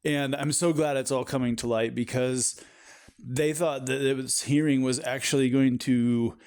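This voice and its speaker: A man's voice: medium pitch, fairly even intonation, a little slow, a little mellow, smooth. A man ranting angrily and profanely as a political commentator, exasperated and furious. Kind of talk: angry political rant.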